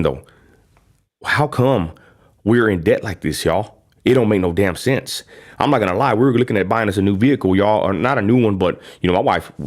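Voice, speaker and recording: Blunt rambling West Texas man. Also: low voice. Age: 30s. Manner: rambling and blunt, lots of fillers. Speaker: livestream host. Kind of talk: casual livestream rant.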